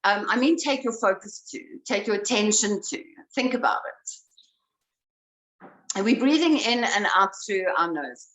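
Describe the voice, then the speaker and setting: A woman breathwork instructor with a medium-pitched voice leads a guided breathing exercise, giving slow, calm instructions. The sound is roomy, with her voice away from the mic.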